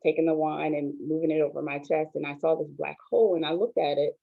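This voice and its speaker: A woman in her forties, a pastor, telling her own story in a soft, hesitant, earnest way, with many pauses and ums. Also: deep voice, fairly even intonation, gravelly. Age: 40s. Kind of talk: personal testimony on an online show. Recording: tinny phone-like line, dry.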